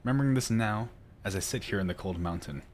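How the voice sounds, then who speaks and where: Low-voiced man reading game lore aloud. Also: quick pace, darkish tone, a little hiss or hum. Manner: chatty, laughs often, stumbles while reading. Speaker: let's play host. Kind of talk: casual gaming commentary and reading lore aloud.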